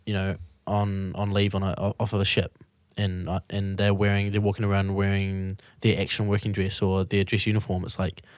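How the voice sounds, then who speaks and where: A man's voice: low-pitched, completely flat delivery, fairly quick, few pauses, smooth, no room sound. A man, hosting a podcast in casual chat, talking in loose, rambling runs with restarts and the odd swear word. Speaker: podcast host.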